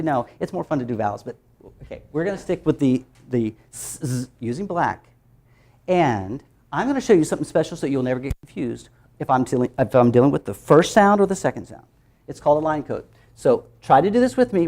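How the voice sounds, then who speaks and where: A man training teachers in a workshop, talking lively and sounding out letter sounds for them. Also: on the high side, a little fast. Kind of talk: workshop presentation.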